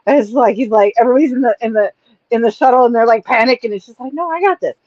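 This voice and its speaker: A woman in a casual podcast chat, talking in a bubbly, animated, repetitive way. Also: a little high, rapid-fire, dry recording. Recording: dull dry lo-fi mic.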